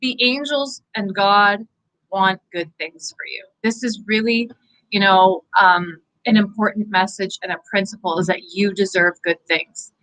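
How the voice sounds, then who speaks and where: A Canadian woman, a psychic medium, giving an earnest, encouraging inspirational talk to viewers, animated and full of fillers. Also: medium pitch, unhurried, poor audio. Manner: animated, gestures with her hands. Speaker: psychic medium hosting live angel readings.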